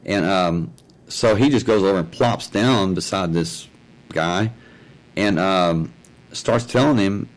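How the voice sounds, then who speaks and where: A man's voice: low-pitched, takes it slowly, rough recording. A man hosting his own talk show, telling a story in a rambling way and repeating "I said" and "he says" over and over. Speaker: host of an online talk show. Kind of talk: casual spoken storytelling. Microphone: own mic and mixer setup at home.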